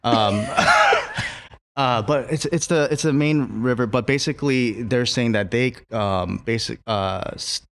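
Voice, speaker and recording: A man's voice: mid-range voice, huge pitch swings, slow, fairly bright tone, a little hiss or hum. A man who is a chef and restaurant co-owner, chatting casually in an interview, rambling with many fillers and swearing now and then.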